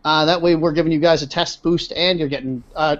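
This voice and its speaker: A man's voice: fairly high pitch, steady tone, a little fast. A man hosting a casual podcast, blunt, opinionated and profane. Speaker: podcast host. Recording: dull lo-fi sound.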